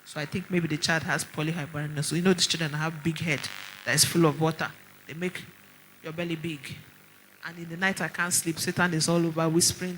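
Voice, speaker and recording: A middle-aged Nigerian woman, a doctor, giving an animated conference talk full of stories and pointed rhetorical questions. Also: deep voice, slight background noise, poor audio. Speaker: doctor speaking at a women's conference.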